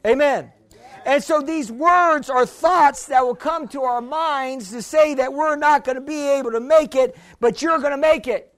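High-voiced emphatic preaching man. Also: a little slow, a bit bright. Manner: preachy, emphatic, call-and-response. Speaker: pastor. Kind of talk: sermon.

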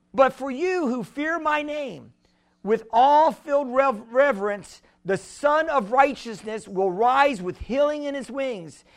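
High-voiced preaching man. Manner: repetitive, rising to shouts at the congregation; conversational, tells anecdotes with chuckles. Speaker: pastor. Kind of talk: sermon.

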